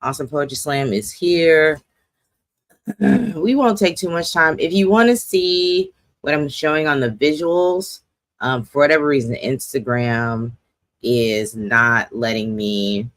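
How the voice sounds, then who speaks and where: Here the forty-year-old poetry slam host talks casually on the monthly livestream, rambling and cracking self-deprecating jokes. Medium in pitch, expressive and unhurried, the voice is a bit bright with no room sound.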